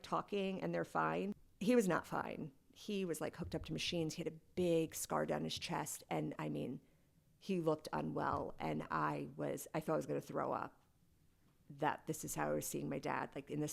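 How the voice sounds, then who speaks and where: Sharing a personal story as a podcast guest, this woman is candid and conversational, leaning heavily on "like." Her voice is somewhat low, with a gravelly, creaky fry.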